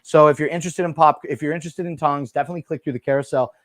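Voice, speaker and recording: A man's voice: on the high side, steady tone, racing, a bit bright. Chatty guy selling gadgets on a livestream. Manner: chatty, hesitant with fillers, calls viewers dude and bro. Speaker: livestream shopping host. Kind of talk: casual product showcase livestream. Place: small room at a desk. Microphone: desk microphone.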